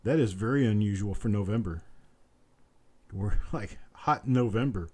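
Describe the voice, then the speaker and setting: A man runs a live auction, chanting the same bid over and over in a mellow, relaxed voice. He drifts into easygoing, folksy chatter between calls, and it all sounds like it comes from his home. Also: on the low side, normal speed, husky. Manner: repetitive bid-calling chant mixed with folksy banter. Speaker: auctioneer host. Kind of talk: live online auction calling with chatty asides.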